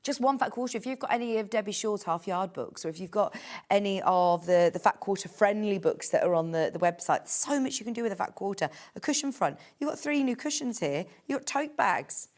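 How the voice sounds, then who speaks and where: A woman's voice: mid-range voice, animated, brisk, darkish tone. A woman presenting on a live home shopping show, chatty and gushing as she reads out prices and product codes. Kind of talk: live TV sales pitch.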